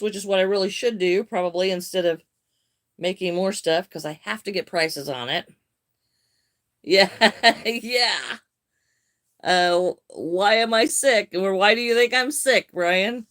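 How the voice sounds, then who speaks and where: Slow-talking older woman live streamer. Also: medium pitch, fairly bright tone. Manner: unhurried, friendly, greets viewers by name. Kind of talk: casual live-stream chat answering viewer comments.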